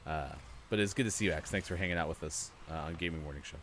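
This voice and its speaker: A man's voice: rumbling low, fast talker, fairly bright tone, soft background music. A man hosting a morning gaming stream, chatting casually and rambling with many fillers while he plays. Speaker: show host.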